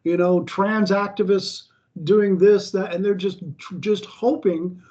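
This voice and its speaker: High-voiced man rambling in chat. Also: little pitch movement, a little mellow. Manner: rambling, halting restarts. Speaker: co-host. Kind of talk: casual chat. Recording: dull lo-fi audio.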